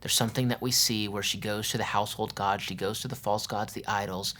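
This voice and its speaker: A man's voice: fairly low pitch, fairly even intonation, brisk, bright, forceful tone. A male pastor preaching a sermon, reading scripture aloud and explaining it in a casual, conversational way with modern slang. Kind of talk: sermon with Bible reading and commentary.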